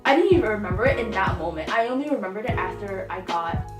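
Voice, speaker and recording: A young woman vlogger with a hoarse voice, rambling through a fan story with lots of fillers and giggles. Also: mid-range voice, animated, quick pace. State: hoarse from screaming. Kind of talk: casual fan vlog storytelling. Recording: echoey, from a distance, music behind.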